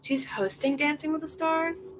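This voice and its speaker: A young woman hosts a podcast, reacting to live comments in a candid, opinionated chat and often acting out what others said. Her voice sits high and moves at a moderate pace over a noisy background.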